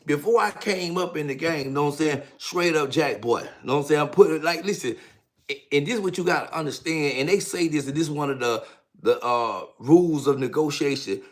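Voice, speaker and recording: In a slightly fast, higher-pitched voice, a Georgia man in his fifties with a Southern accent hosts a casual livestream. An author, he tells stories in hyped, slangy talk, repeating "know what I'm saying."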